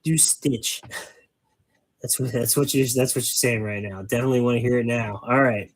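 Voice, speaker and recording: A man hosts a casual hobby stream while painting miniatures, talking in a wordy, rambling way and poking fun at himself. His mid-range voice moves at a moderate pace, and the recording quality is low.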